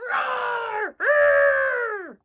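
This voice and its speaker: Loud roaring angry bear from a kids' book, all growls and yelling. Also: female voice, extremely high pitch, very slow, pitched above the performer's own voice, heavily acted. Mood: furious. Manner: shouting, growling.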